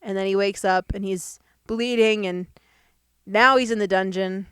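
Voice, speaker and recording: A woman's voice: mid-range voice, steady tone, normal speed, fairly bright tone, clean tone, no echo, studio quality. A young woman co-hosting a podcast, recapping a movie in casual chat, laughing often and full of fillers. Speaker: podcast co-host.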